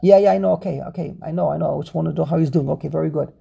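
A man's voice: fairly high pitch, very fast, gravelly, warm tone, husky, lo-fi sound. A man teaching an online scripture class over a video call, stressing and repeating his key points with frequent "okay"s. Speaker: Torah teacher.

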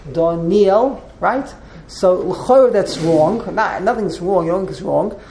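A woman's voice: on the low side, expressive, measured pace, creaky, a little mellow, slight background noise. Woman lecturing in a roomy echo. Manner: repeats and restarts words while explaining. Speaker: teacher of a text class. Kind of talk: classroom lecture with questions.

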